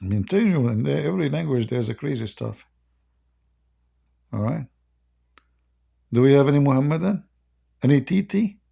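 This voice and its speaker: Male stream host, dark gravelly tone, mocking and rambling, voice going. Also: medium pitch, lively intonation, normal speed, long pauses. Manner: mocking, rambling, laughs often. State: losing his voice. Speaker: live-stream debate host. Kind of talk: casual live-stream chat.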